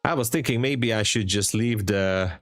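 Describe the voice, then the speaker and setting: Man, Hungarian accent, low-pitched, joking and chatty, dry close mic, soft music underneath. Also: normal speed, no room sound. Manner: joking, chatty, laughs often. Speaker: livestream trader. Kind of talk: casual live-stream chat.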